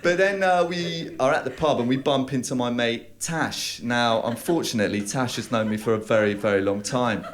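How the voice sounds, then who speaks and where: A young man from London with a London accent, telling stand-up stories with hesitant fillers and deadpan delivery. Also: mid-range voice, moderate pace, few pauses. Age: young adult. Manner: deadpan storytelling with hesitant fillers and bursts of put-on voices. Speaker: stand-up comedian. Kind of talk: stand-up comedy set. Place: comedy club stage with live audience. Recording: live room with loud audience laughter. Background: audience laughing.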